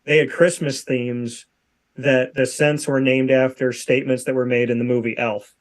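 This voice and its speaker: A man's voice: medium pitch, flat delivery, moderate pace. A man in his thirties hosting a talk show, speaking emphatically and repeating phrases for effect. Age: 30s. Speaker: show host. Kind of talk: casual talk show chat.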